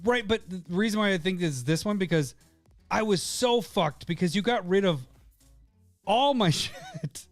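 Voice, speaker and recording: A man's voice: high-pitched, lively intonation, unhurried, no room sound, faint music behind. A man co-hosting a podcast in casual chat, who rambles, laughs a lot and swears. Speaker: podcast co-host.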